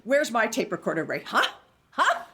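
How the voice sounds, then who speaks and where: Brief: an exasperated sitcom wife, sarcastic and scolding, high lively bright voice, sitcom table read. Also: female voice, exaggerated voice. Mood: indignant. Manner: scolding, sarcastic, quick retorts. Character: exasperated wife fed up with her husband. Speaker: actor in a reunion table read. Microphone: video call.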